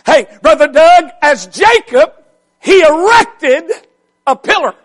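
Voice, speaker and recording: Man, revival preacher, very high voice, slow drawn-out shouting. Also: lively intonation. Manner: shouting, drawn-out emphatic delivery. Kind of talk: revival sermon.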